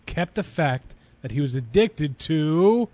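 Male podcast host, slightly high voice, reads news aloud with dry asides. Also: expressive, slow pace, a little mellow, no echo. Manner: reads aloud with wry asides and frequent laughs. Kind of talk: casual comedic podcast chat.

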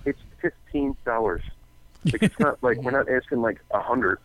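A man working an arcade counter, telling a profane, animated story on a casual talk show. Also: medium pitch, moderate pace, no room sound, poor audio. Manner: profane, animated retelling with acted-out quotes. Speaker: arcade counter worker, guest.

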